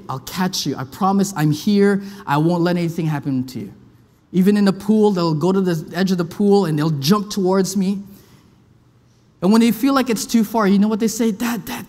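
High-voiced passionate male preacher in a reverberant church. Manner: passionate, rises loud and high when pleading, drops soft and low for comfort. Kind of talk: sermon. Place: church sanctuary.

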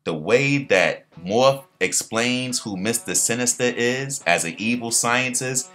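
A man's voice: mid-range voice, animated, slow, fairly bright tone. A young man hosting a casual recap, rambling in slang with many restarts. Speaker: show recap host.

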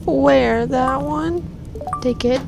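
A woman's voice: high voice, extremely slow, gravelly, noisy background. Jumpy woman gamer, swearing at the screen. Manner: jumpy, swearing, talks back at the game. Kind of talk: horror game commentary. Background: game music.

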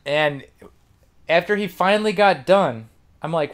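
A man's voice: high-pitched, moderate pace. A man hosting a podcast, telling a rambling, profane story with frequent laughs. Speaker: podcast host.

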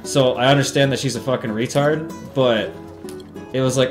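A man's voice: mid-range voice, fairly quick. A young man doing casual, profane, sarcastic commentary while playing a video game. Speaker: let's play host. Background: game music.

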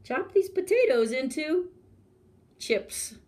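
A woman voicing a hungry, demanding male king who complains loudly and fussily. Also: high-pitched, very animated, slow, voice pushed up, full character voice. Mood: bossy. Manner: loud, fussy complaining.

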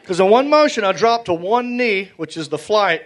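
A man's voice: normal speed, a little hiss or hum. A male stand-up comedian, telling a story animatedly and jumping into character voices. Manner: animated, acts out characters with big pitch jumps. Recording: live comedy club with crowd. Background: audience laughter.

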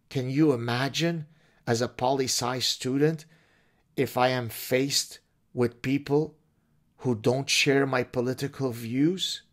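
Male commentary host, medium pitch, sarcastic and mocking as he reads aloud. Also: fairly even intonation, unhurried.

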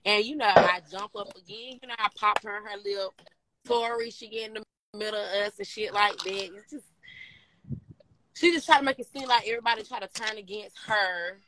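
A woman's voice: mid-range voice, a little fast, background noise. A woman telling a story in blunt, heated, casual talk, swearing constantly. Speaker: storyteller recounting a fight.

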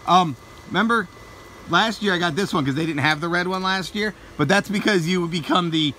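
A man's voice: high voice, fairly quick, pushed and bright, a little hiss or hum. A man vlogging with his wife, joking, teasing and grumbling in casual family banter. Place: at home and outdoors on the street.

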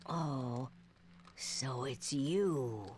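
An actress voicing a weary woman who runs a shabby bar, speaking in a slow, cooing drawl. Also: a bass voice, a little mellow, a little hiss or hum, exaggerated voice. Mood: doting.

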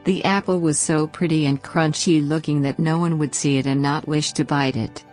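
Low-voiced woman reading a bedtime story. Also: faint music behind. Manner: slow, gentle, expressive reading.

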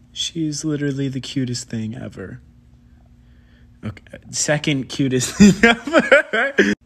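A man's voice: a little high, sing-song, takes it slowly, gravelly, pauses often, fairly bright tone, slightly rough. A young man filming a casual vlog, playful and giggly, swearing often as he talks. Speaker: vlogger.

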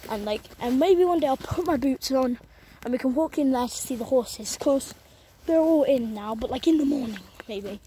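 A woman's voice: sits high, normal speed, warm tone, breathy edge. A young woman vlogging while walking outdoors, talking into a handheld phone in a rambling, apologetic, chatty way. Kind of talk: casual walking vlog. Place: outdoors on a country road. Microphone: phone camera held while walking.

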